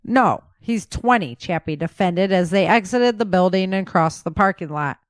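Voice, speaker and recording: A woman reading a novel aloud as narrator, with steady storytelling. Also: on the low side, normal speed, dry recording. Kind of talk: audiobook narration.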